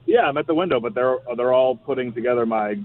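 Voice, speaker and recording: A man's voice: mid-range voice, fast. Man on a tinny phone line. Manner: dry, slightly hesitant, stumbles over words. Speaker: radio co-host calling in from a drive-thru. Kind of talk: casual on-air banter. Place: car at a drive-thru.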